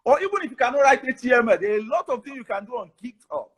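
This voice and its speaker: A Nigerian man with a Nigerian accent, a professor giving animated advice as a guest on a webinar over a video call. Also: very high-pitched, very fast, husky. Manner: animated, advising.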